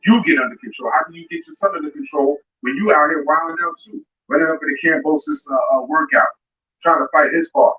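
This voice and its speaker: Fired-up man ranting, bright and roomy. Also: fairly high pitch, quick pace. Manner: confrontational, talks straight at the fighter. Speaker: boxing commentary host. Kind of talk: live commentary rant. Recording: roomy, distant, dull sound with music behind.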